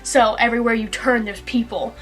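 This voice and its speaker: A woman's voice: a little high, steady tone, a little fast, faint music behind. A young American woman, a university student talking casually and easily, often laughing. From United States. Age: young adult. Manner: easygoing, laughs often, rambling with fillers. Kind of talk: casual chat.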